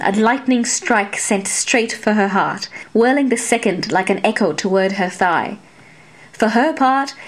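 A woman reading a fantasy story aloud as narrator, in a measured, even storytelling manner. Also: medium pitch, low-quality recording. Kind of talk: scripted narration.

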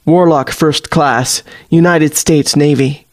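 A man's voice: fairly high pitch, fairly even intonation, slow. A man doing a stiffly formal naval warlock. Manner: archaic, stiffly formal speech.

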